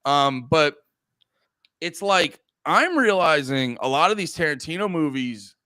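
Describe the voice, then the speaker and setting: A man's voice: a little high, measured pace, dry recording, studio quality. A man co-hosting a podcast, chatting casually about movies, swearing and acting out quotes. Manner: animated, swears casually, acts out quotes in funny voices. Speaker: podcast co-host.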